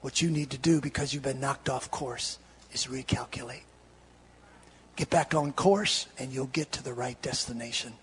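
A man voicing a patient, calm God, speaking softly and slowly. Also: medium pitch, a little hiss or hum, voice pushed down, natural voice. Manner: soft, quiet, patient. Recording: reverberant hall.

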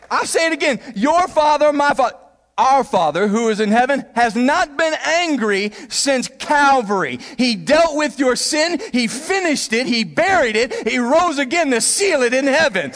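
A man preaching a sermon, animated and funny, acting out little scenes in different voices and laughing often. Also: very high-pitched, unhurried, in a large hall. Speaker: pastor.

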